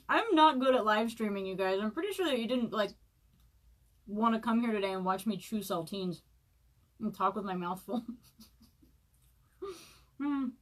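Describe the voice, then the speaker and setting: A woman's voice: medium pitch, animated, a little slow, long pauses. Woman in her thirties, hungover author chatting loosely on a live stream before reading her chapter; fillers, laughs, self-mocking. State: hungover, eating saltines and sipping broth. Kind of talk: casual live-stream chat and book reading.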